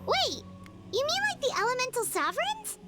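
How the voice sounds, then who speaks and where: A woman voicing a tiny, chatty and excitable floating girl companion in a video game, in a squeaky sing-song voice. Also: normal speed, over music. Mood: curious.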